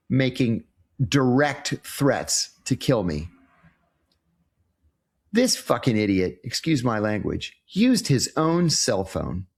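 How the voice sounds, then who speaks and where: A man in his sixties, a former intelligence officer answering interview questions in a casual, storytelling way. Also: medium pitch. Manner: animated storyteller, acts out quoted exchanges.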